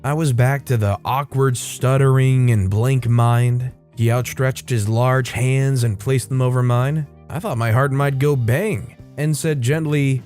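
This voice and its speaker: A man reading a first-person story aloud in scripted storytime narration, measured and expressive. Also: mid-range voice. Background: faint background music.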